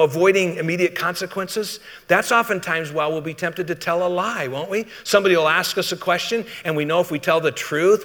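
A man's voice: sits high, fairly bright tone, long reverb tail. A man preaching a sermon as pastor, conversational and often asking the congregation questions.

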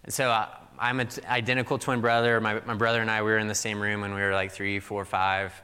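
A man's voice: lowish voice, flat delivery, fast, bright, forceful tone, smooth, in a large hall. A young adult man from Missouri giving a sermon in a loose, conversational storytelling way, full of "like" fillers. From Missouri, USA. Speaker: pastor.

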